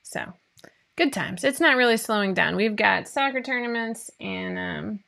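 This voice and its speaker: A woman's voice: a little high, sing-song, a little slow, vocal fry, sharp tone. A woman in her forties hosting a casual chat for her viewers, talking in a chatty, rambling way with frequent laughs. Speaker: host of a sewing pattern show.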